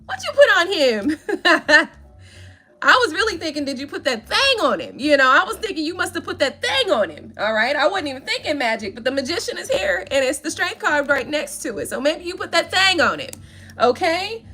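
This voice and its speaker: A woman's voice: high voice, sing-song, brisk, pushed and bright. A woman giving a casual tarot reading, sassy and playful, full of slang and asides. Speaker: tarot reader.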